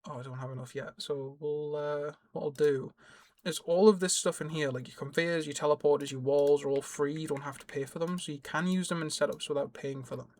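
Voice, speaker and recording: A young man, his voice sitting a little high, talks his way through a gameplay tutorial. He rambles and restarts sentences as he explains each step, while keys clack faintly in the background. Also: steady tone, fairly quick, a little mellow. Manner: rambling, self-correcting, explains as he plays. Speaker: gaming YouTuber. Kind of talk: casual gameplay tutorial commentary.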